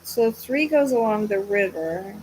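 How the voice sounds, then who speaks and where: A woman's voice: medium pitch, animated, a little slow, a little mellow, a little hiss or hum, low-quality recording. A woman hosting a live psychic reading, thinking aloud in a hesitant, searching way and sounding tired. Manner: hesitant, searching, trailing off into self-corrections. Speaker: psychic medium host.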